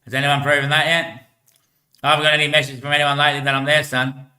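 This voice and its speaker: A man's voice: a little high, level tone, quick pace, sharp tone. A man talking in a rambling casual monologue, swearing freely and laughing often, recorded in an echoey room.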